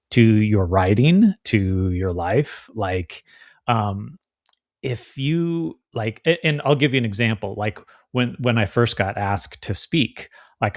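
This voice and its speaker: A man's voice: on the low side, no echo, clean studio sound. A man co-hosting a podcast in casual chat, chatty and acting out the voices of people he quotes. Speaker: podcast co-host.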